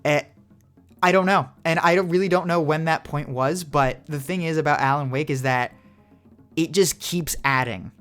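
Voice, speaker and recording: A man's voice: on the high side, normal speed, fairly bright tone, faint music behind. A young man co-hosting a podcast, rambling in casual chat with lots of "like" fillers and casual swearing. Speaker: podcast co-host.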